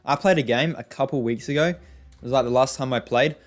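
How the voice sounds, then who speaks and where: A man's voice: medium pitch, fast. A young man giving casual, rambling gameplay commentary, often exasperated, with many fillers and restarts. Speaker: gaming YouTuber.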